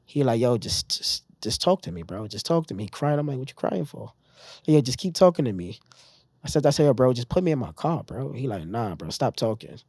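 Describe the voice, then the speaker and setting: A man's voice: medium pitch, brisk, no echo, studio quality. A man telling his own story in a casual interview, acting out what other people said to him. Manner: animated retelling, acting out others' lines. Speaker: podcast guest.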